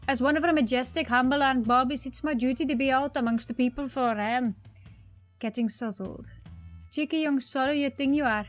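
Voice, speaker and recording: Woman playing a male london beat cop, cheeky, slangy, put-on accent, higher pitch. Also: brisk, soft background music, natural voice. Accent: put-on London working-class accent.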